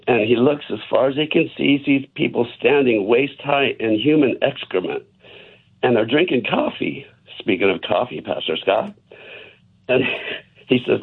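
A man's voice: mid-range voice, moderate pace, gravelly, breathy edge. A man calling in to a radio show and telling a joke, chuckling as he goes. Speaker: caller. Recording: tinny phone line.

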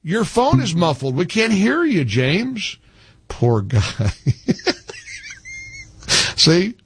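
A middle-aged man hosting call-in talk radio, animated, jokey and easily exasperated. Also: high voice, slow, a little hiss or hum. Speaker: radio talk show host.

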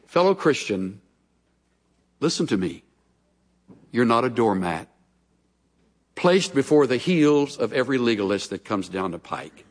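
A man's voice: mid-range voice, very animated, measured pace, long pauses. A male pastor preaching a sermon, telling stories with folksy humorous asides in a large church hall. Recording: long reverb of a large hall.

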